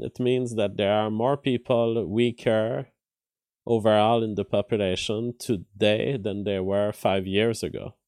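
A man's voice: lowish voice, a little mellow, dry recording, clean studio sound. A man hosting a live stream of casual news commentary. He thinks aloud with restarts and filler words, and reads headlines before commenting on them.

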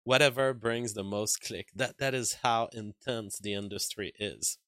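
A man with a French accent talks slowly and hesitantly, full of fillers and restarts as he argues with his chat. His voice is bright and crisp, recorded close and dry with no room sound. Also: fairly low pitch, fairly even intonation, no room sound. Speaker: livestream host reading chat. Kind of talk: casual livestream commentary.

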